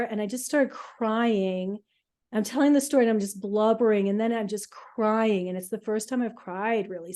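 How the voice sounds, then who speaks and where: A middle-aged woman, a podcast co-host, telling her own healing story in an emotional, halting way with many fillers. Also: a little high, mellow. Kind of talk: casual personal storytelling.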